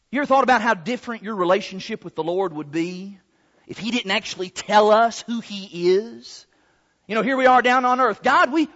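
A man's voice: high-pitched, fairly bright tone. A man preaching a sermon, stretching out key words for emphasis. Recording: long hall reverb, dull lo-fi sound.

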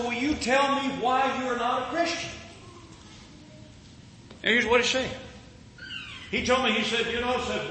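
A male preacher delivers a sermon in a high, ringing voice, repeating himself in earnest restarts. He is recorded in a big hall that echoes with long reverb. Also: bright, forceful tone, slight background noise.

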